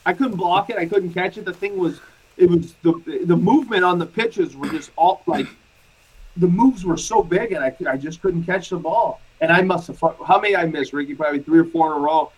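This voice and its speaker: A man's voice: high-pitched, fairly quick, husky, low-quality recording. A man and former catcher recalling games in casual chat, poking fun at himself. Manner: self-mocking, rambling recollection.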